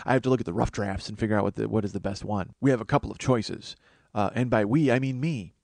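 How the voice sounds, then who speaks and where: A man hosts a comedy podcast on his own, rambling through a self-mocking solo monologue, losing his train of thought and sounding short on sleep. His voice is fairly low, gravelly and darkish, and he talks quickly.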